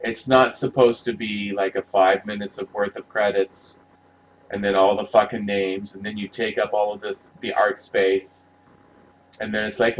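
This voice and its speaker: A man's voice: fairly low pitch, flat delivery, normal speed, slight background noise, low-quality recording. A man giving casual, rambling commentary, passionate and profane, often restarting his sentences. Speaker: vlogger reviewing movie posters.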